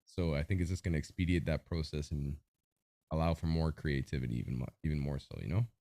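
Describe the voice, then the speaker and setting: A man hosting a podcast interview over a video call, with an energetic, announcer-like delivery. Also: a bass voice, fast, gravelly. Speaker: podcast host. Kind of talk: hype-style interview hosting.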